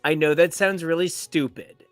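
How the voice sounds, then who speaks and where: A man's voice: fairly high pitch, steady tone, normal speed, fairly bright tone, no echo, faint music behind. A man co-hosting a comic book podcast, talking in a playful, theatrical and florid way. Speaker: podcast co-host. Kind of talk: casual comic book chat.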